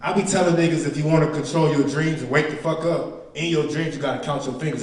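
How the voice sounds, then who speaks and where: A man's voice: a little high, quick pace, hardly any pauses. A young man in his twenties doing a profane stand-up comedy set, telling stories and acting out his friends' voices. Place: small indoor venue. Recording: echoey room picked up from a distance.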